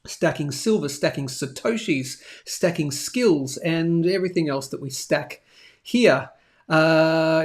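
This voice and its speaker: A man's voice: a little high, slow. A man hosting a daily live stream, chatting casually and rambling as he reads out viewer comments. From Australia. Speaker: host of a daily live show.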